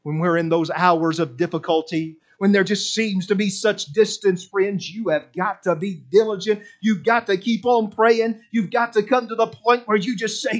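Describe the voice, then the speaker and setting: A man preaches in an unusually high, ringing voice. He drives his points home with emphatic repetition. He jumps from near-shouted exclamations down to low, quiet asides. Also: normal speed, muffled recording. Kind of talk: sermon.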